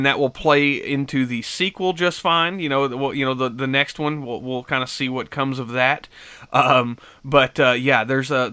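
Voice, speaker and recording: A man's voice: medium pitch, sharp tone, clean tone. A man giving a casual, rambling film review, full of fillers and restarts. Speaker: movie reviewer.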